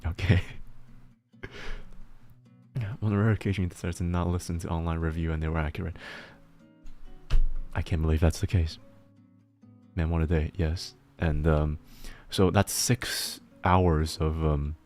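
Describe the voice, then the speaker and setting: Casual chatting streamer, very deep male voice, rambly and laughing, faint music behind. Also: fairly even intonation, measured pace, long pauses, darkish tone. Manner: rambling, laughs often, restarts words. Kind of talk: casual chat while working.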